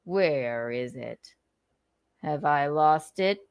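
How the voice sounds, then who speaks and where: A woman's voice: low-pitched, animated, drawn-out words, clear, resonant tone, no room sound, studio quality. A woman hosting a casual livestream, talking animatedly with frequent laughs and restarts. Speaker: livestream host.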